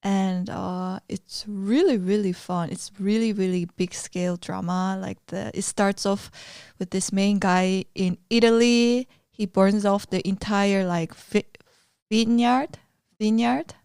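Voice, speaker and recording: A woman's voice: medium pitch, steady tone, takes it slowly, darkish tone, clear, resonant tone, no room sound, studio quality. Chatty woman co-hosting a podcast. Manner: chatty, laughs often, many fillers. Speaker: podcast co-host. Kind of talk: casual chat.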